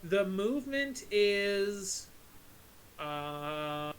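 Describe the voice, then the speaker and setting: A woman as dungeon master, explaining rules with lots of fillers and quick laughs. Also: mid-range voice, lively intonation, a little hiss or hum. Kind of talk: running a tabletop game on stream.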